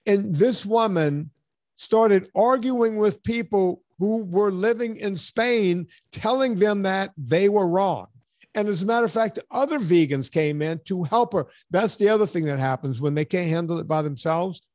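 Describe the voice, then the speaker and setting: A man co-hosting a casual podcast, spinning a story with animated sarcasm. His voice sits a touch higher than most men's. The recording is close and dry, with no room sound. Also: no room sound. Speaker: podcast host. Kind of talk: casual chat.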